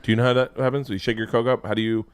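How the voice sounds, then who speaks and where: A man hosting a show, giving sarcastic, profane running commentary on videos in an animated way. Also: medium pitch, rapid-fire, clear, resonant tone, no echo. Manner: animated, sarcastic, swears a lot. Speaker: show host.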